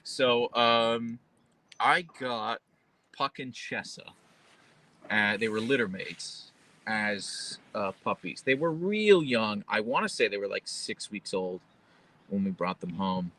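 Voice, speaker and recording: A man's voice: lowish voice, slow pace, pushed and bright, low-quality recording. A man hosting a casual live stream at home, chatting in a rambling way full of fillers and restarts. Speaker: livestream host. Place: at home, with his dogs.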